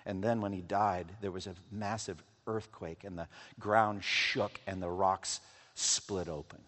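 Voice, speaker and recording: A man preaching a sermon, swinging from loud, intense passages to hushed, quiet lows. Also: steady tone, unhurried. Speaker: pastor. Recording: long hall reverb.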